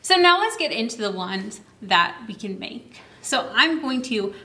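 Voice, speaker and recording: A young woman, a children's librarian, explains reading games to parents in a cheerful way, sounding out words slowly and clearly while she demonstrates at a table. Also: a little high, very animated, pushed and bright. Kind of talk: instructional video for parents. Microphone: camera mic.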